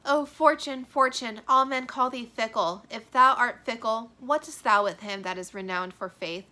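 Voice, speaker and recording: A lovesick young girl speaks in heightened, emphatic verse, read aloud by a woman. Her voice is bright and ringing, and she stresses each word with feeling. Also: on the high side, moderate pace. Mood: anguished. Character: young lovesick girl, Juliet, anguished and passionate. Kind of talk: dramatic reading of a play.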